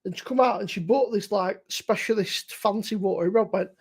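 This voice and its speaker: A man's voice: high voice, brisk, breathy edge. A man, hosting a casual live beer stream, teasing and swearing at his friends. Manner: sweary, teasing, mock-indignant.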